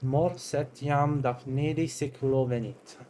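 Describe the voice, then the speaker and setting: Young guy streaming, chatty and playful, swears a bit, mid pitch, faint noise. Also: steady tone, measured pace, mellow. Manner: playful, swearing, reacts with little gasps and laughs. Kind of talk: casual game commentary and reading dialogue aloud.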